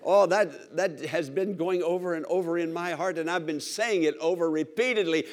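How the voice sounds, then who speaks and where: High-voiced man preaching a sermon. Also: expressive, moderate pace, few pauses, darkish tone. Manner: emphatic, repetitive, call-and-response with congregation.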